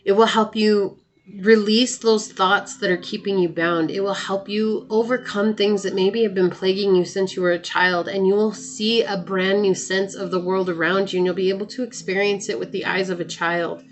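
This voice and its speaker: A woman giving a tarot reading to her viewers, reading card texts aloud and offering gentle, encouraging advice. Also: mid-range voice, steady tone, normal speed. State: hiccuping. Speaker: tarot reader.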